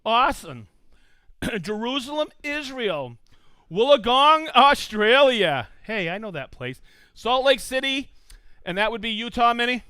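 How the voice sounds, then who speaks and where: A man hosting a live tool demonstration stream in casual chat, excitable and whooping. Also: extremely high pitch, unhurried, clear, resonant tone, dry recording. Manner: excitable, reads out viewer shout-outs with whoops.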